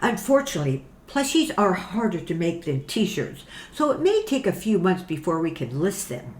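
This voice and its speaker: A woman voicing a brisk, businesslike promoter who pitches merchandise in an upbeat, salesy way. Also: sing-song, a little mellow. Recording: roomy echo.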